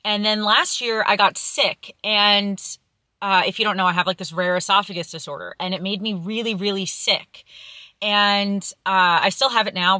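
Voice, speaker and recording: Emotional young woman, bright dry voice. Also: on the low side, no echo. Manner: emotional, close to tears, rambling with fillers. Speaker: vlogger. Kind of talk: candid confessional vlog talk.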